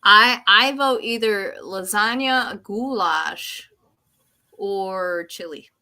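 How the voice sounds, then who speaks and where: A woman co-hosts a relaxed podcast conversation. Her voice is bright and forward, at a middle pitch. She tells stories with a lot of animation, acting out her own reactions as she goes. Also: drawn-out words. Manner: animated storyteller who acts out her own panic. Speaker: podcast co-host. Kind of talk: casual chat.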